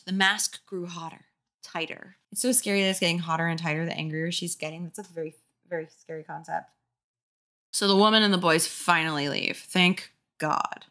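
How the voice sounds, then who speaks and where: A tipsy young woman reading a children's horror book aloud for laughs. She stumbles over phrases and breaks off into wry, sarcastic commentary, her pitch moving around a lot. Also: fairly quick, fairly bright tone. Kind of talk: comedic drunk read-aloud.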